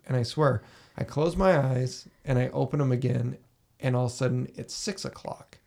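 A man hosts a podcast from a basement room, with a gravelly, mid-pitched voice. He tells his story casually and with energy, acting out his own reactions with swearing along the way. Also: fairly even intonation, brisk, warm tone. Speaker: podcast host.

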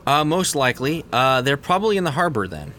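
A man's voice: on the high side, very animated, fairly quick, bright, forceful tone, slight background noise. Rambling man running a tabletop game. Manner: rambling, many fillers and restarts. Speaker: game master.

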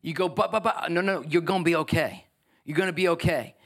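A man preaching a lively sermon as pastor, acting out the voices of biblical figures. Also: on the high side, a little fast.

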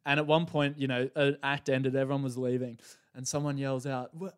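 A man who is a guest on a casual podcast. He tells lively stories, acts out quotes in other voices and laughs often. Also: medium pitch, fairly quick, clean tone. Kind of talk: casual chat.

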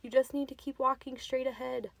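Woman doing a calm male companion, reassuring, steady, dry recording. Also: high voice, fairly quick, creaky, no room sound, pitched above the performer's own voice, heavily acted.

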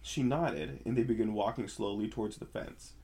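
A man co-hosting a podcast, reading a horror story aloud and then chatting, relaxed and laughing easily. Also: fairly low pitch, normal speed. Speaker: podcast co-host.

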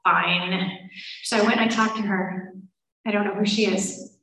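A woman's voice: medium pitch, little pitch movement, fairly quick, fairly bright tone, far from the mic. Emotional woman telling her story in a roomy hall. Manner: emotional, quoting others in changing voices. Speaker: speaker sharing a recovery story. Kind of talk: personal testimony to an audience.

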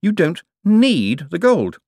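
A young swindler turned banker in an audiobook, earnest and baffled, raised in pitch and drawn out slowly, as a male narrator puts him on. The sound is close and dry. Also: huge pitch swings, darkish tone, dry recording, exaggerated voice. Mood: puzzled. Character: young con-man turned banker, puzzled.

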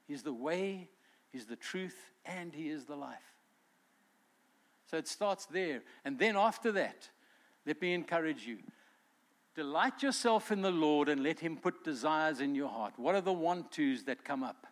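A man's voice: on the high side, lively intonation, measured pace. A male pastor preaching a sermon in an earnest way, acting out quotes as he goes.

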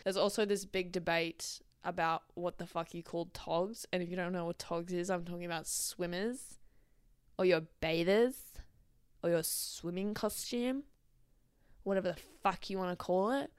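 A woman's voice: on the low side, steady tone, normal speed, clean tone, no room sound, studio quality. A young Australian woman hosting her own podcast in casual, rambling solo chat, swearing freely and wandering into asides. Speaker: podcast host.

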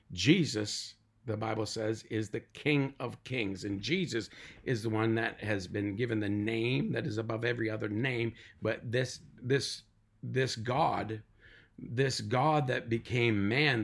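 A middle-aged man preaches a podcast sermon at an unhurried pace, with a gravelly edge to his voice. He lingers on each word and stacks up emphatic lists. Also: on the low side. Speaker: pastor.

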